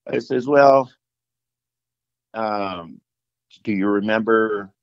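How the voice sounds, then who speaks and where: A man's voice: lowish voice, very slow, no echo. A middle-aged outdoorsman telling a story casually, rambling with fillers and restarts and acting out the dialogue. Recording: dull lo-fi dry sound.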